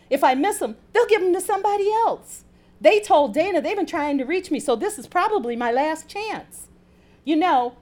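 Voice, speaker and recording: A woman's voice: high-pitched, pitched above the performer's own voice. A woman voicing an eager young hospital worker who pleads and wheedles. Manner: excited, wheedling.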